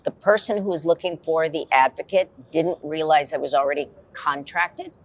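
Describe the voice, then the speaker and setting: A woman's voice: low voice, normal speed. A woman on a podcast panel, telling a story in a chatty, wry way. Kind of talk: casual panel chat.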